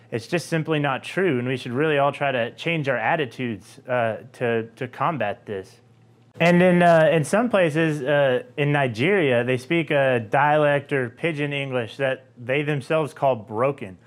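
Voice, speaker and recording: A man's voice: medium pitch, a little slow. A man hosting an educational video on language, talking in an earnest, conversational way with a few fillers. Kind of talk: explanatory commentary.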